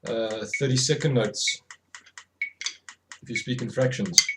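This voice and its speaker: A man's voice: medium pitch, measured pace, background noise. Man counting drum rhythms aloud. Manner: counts rhythms aloud, self-correcting, loose with fillers. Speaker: drum tutor. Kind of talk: instructional demonstration.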